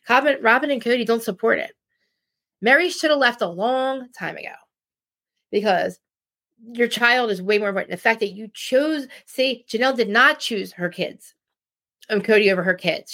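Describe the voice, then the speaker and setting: With a fairly high pitch and noticeable vocal fry, a podcast host from New Jersey talks casually about reality TV. She rants with animation, rambling and starting over again and again.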